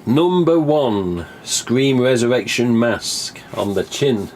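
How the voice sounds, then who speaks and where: A man from England hosts a live stream, his mid-range voice slow and darkish but with lively intonation, over slight background noise. Rambling and chatty, he swears freely and replays conversations he remembers by acting them out.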